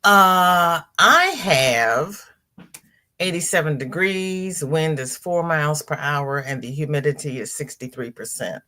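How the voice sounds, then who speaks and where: Her voice is low, bright, and forceful, and she speaks unhurriedly. She's a middle-aged woman hosting a casual livestream, where she greets viewers by name and reads their chat comments aloud.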